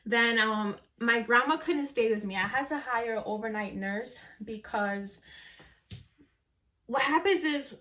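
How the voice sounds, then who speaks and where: A woman's voice: fairly high pitch, measured pace, pushed and bright, recorded from a distance. A young woman vlogger casually telling a personal story to camera, with lots of "like" and some swearing. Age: young adult. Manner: chatty, lots of "like" and swearing, talks to viewers as friends.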